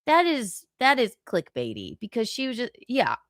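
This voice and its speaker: Lively, blunt woman hosting a gossip stream. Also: fairly high pitch, moderate pace, no echo, studio quality. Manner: blunt, sarcastic, swears freely. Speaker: livestream host. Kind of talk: casual gossip chat.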